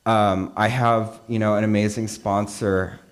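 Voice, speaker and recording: A young man with a fairly low voice shares his story at a meeting. He talks candidly and mocks himself, with plenty of fillers and asides. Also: level tone, unhurried. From California. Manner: candid, self-mocking, conversational with frequent fillers. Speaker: meeting speaker. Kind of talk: personal recovery talk. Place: meeting hall.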